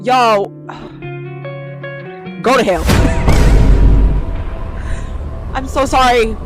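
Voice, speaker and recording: A woman's voice: on the high side, very slow, music in the background. A woman hosting a reaction video, talking casually and swinging between disbelief, swearing and exclaiming. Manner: animated, exclaiming, swearing, breaking into laughter.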